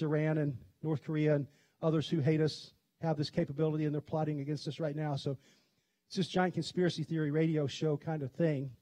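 A middle-aged pastor from Kentucky preaching a sermon, telling stories in a chatty way and laughing often. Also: male voice, fairly high pitch, dark tone, dry recording. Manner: conversational storytelling, quick to laugh. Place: church sanctuary.

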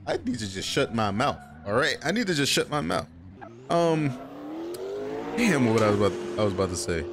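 A man's voice: mid-range voice, normal speed, noisy background. A man giving casual, rambling gameplay commentary, swearing often and full of fillers. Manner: rambling, excitable, swears a lot, frequent filler. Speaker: gaming YouTuber. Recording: loud game music behind voice. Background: loud music and car engine sounds.

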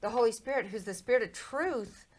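A woman's voice: on the high side, brisk. A middle-aged woman on a Christian talk show, earnestly telling her own story of faith and quoting scripture. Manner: earnest testimony, quotes scripture and prayers.

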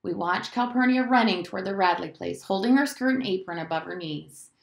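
A woman teacher reading a novel aloud to her class, in an expressive storytelling manner. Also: medium pitch, a little fast, vocal fry, echoey room.

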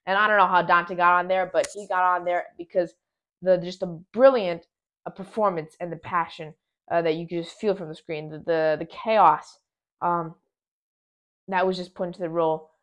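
A woman giving a casual spoiler review of a film, talking in an excitable, rambling way and often restarting her sentences. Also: fairly low pitch, moderate pace, muffled recording.

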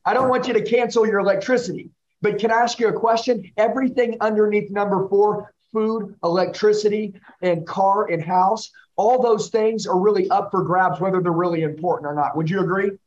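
A man with a high, pushing voice leads a sales training session. He coaches hard and keeps asking his trainee questions, and the audio is a little dull. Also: fairly even intonation, brisk, darkish tone. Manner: intense, coaching, repeats the listener's name. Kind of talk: live sales training role-play.

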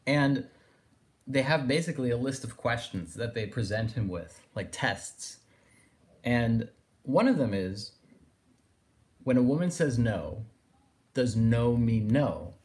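Male lecturer, discursive and reflective, middle-pitched voice. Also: expressive, slow pace, long pauses, darkish tone. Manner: discursive, thinking aloud with fillers like "in a sense". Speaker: philosophy lecturer. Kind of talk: recorded lecture.

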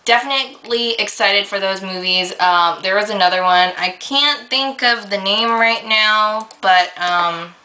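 A young woman vlogger ranting casually to her camera, rambling with lots of fillers and getting excitable as she tells a story. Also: medium pitch, a little slow, hardly any pauses, poor audio.

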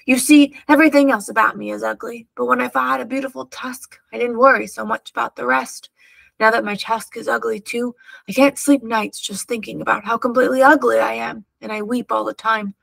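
A woman voicing a weepy, vain old male rhinoceros with a deep, angry voice in a read-aloud storybook. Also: steady tone, fairly quick, gravelly, fairly bright tone, no echo, heavily acted. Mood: mournful. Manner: mournful, threatening.

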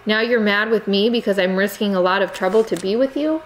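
A reserved young immigrant girl, torn between feelings and family duty, speaking quietly in halting, careful phrases. A woman voices her in a storybook reading. Her voice sits at a medium pitch with a faint hum of background noise. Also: natural voice, poor audio. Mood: restrained. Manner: quiet, halting non-native phrasing, restrained.

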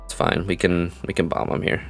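A young man giving live commentary on his own football video game, muttering plays, then yelling and gloating in a sing-song voice. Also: low-pitched, fairly quick, faint music behind. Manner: excitable, swings from mutters to yelling. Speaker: gaming commentator.

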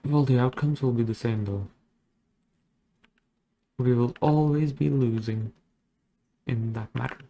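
A man's voice: medium pitch, a little slow, pauses often, warm tone. A man chatting casually as he draws digitally, rambling along with jokes and self-deprecating asides. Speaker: digital artist. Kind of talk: casual commentary while drawing.

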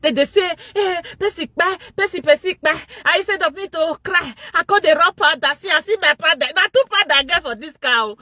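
A woman with a Nigerian accent hosting a gossip commentary vlog. She mocks loudly and keeps breaking into laughter. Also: extremely high pitch, a little fast, hardly any pauses, no room sound. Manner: mocking, laughs loudly and often. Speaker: vlogger and show host.

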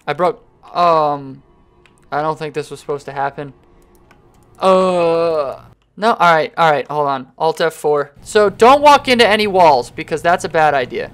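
A young man giving let's-play commentary on a horror game, joking and excitable as he talks to himself while playing. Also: high voice, moderate pace. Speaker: gaming YouTuber.

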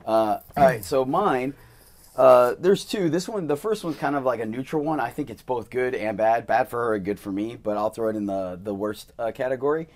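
A young man hosting a casual podcast interview, telling animated stories and acting out quoted voices. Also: mid-range voice, moderate pace. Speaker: podcast host and male dancer.

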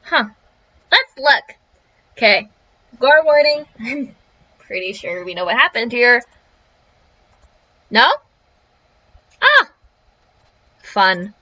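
Slow-talking young woman streamer, crunchy audio. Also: on the high side, sharp tone, no echo, muffled recording. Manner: swears freely, jittery and easily spooked. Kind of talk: let's-play commentary, reading game text aloud.

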